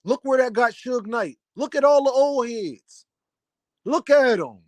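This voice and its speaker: A young man on a heated rant, scolding the older generation in a preachy, lecturing way. His voice sits high for a man, and the recording is dry and close, with almost no room sound. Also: animated, unhurried, no echo. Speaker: commentator. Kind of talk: opinion rant to camera.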